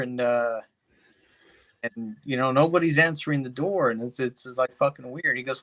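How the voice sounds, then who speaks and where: A man's voice: medium pitch, steady tone, normal speed, sharp tone. A man co-hosting a podcast, recapping a movie plot in a rambling, profane way, packed with "you know.". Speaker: podcast co-host. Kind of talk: casual chat, movie recap.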